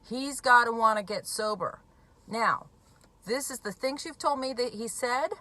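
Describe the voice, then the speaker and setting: A woman's voice: a little high, unhurried, pushed and bright, no room sound. A woman in recovery from alcoholism talking bluntly and emphatically to camera, swearing freely. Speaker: recovering alcoholic speaking on addiction. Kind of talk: direct-to-camera talk.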